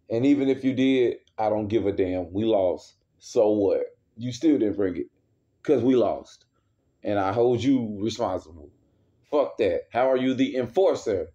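A man's voice: lowish voice, dark tone. Angry man ranting, profane and heated. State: worked up. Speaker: wrestling fan reviewer. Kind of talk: casual rant. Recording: dull lo-fi recording.

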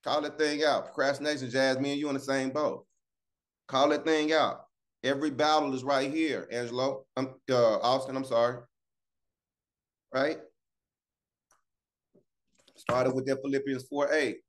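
Lively man hosting a devotional call. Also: medium pitch, a little slow, long pauses. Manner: lively, preachy, calls out to listeners by name. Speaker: morning show host. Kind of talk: casual devotional chat on a video call. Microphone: video call.

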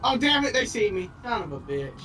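A man streaming a roleplay game, animated and laughing, swearing often. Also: sits high, fairly quick, far from the mic. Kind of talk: casual game roleplay chat.

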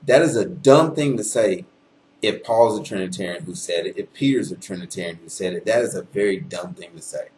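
A man with a fairly low voice delivers an argumentative monologue to his viewers. He leans on rhetorical questions and keeps checking in with "okay?". A faint hiss sits under the recording. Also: fairly quick, darkish tone, low-quality recording. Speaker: video channel host. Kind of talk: argumentative religious monologue to camera.

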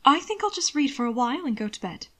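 A woman voicing a wry, gentle young nobleman in a read-aloud story, dry in manner. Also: sits high, very animated, fast, pitched above the performer's own voice, full character voice.

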